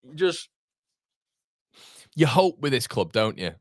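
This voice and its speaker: A man in his thirties hosting a live football watchalong, chatting with viewers in an animated, rambling way that jumps between laughter and fed-up rants. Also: medium pitch, slow pace, dry recording, studio quality. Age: 30s. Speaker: fan channel host.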